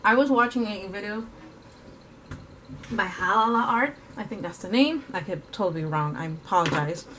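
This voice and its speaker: A woman's voice: medium pitch, animated, moderate pace, fairly bright tone, slight background noise. A woman chatting casually through an art vlog, rambling with lots of fillers and self-corrections, sometimes talking while eating. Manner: talks while eating at times. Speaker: art vlogger.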